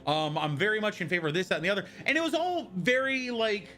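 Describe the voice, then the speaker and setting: Young man, live-stream chatter, rambling, bright forceful tone, soft music behind. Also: high-pitched, lively intonation, fast. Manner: rambling, chatty, reads and answers chat aloud. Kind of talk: casual live-stream chat.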